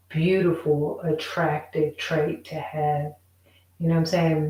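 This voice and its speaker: A woman's voice: lowish voice, a little mellow, echoey room, distant mic, low-quality recording. A woman in a casual, rambling monologue, emphatic and repeating herself as she vents. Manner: rambling, emphatic, repeats "you know what I'm saying". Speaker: vlogger.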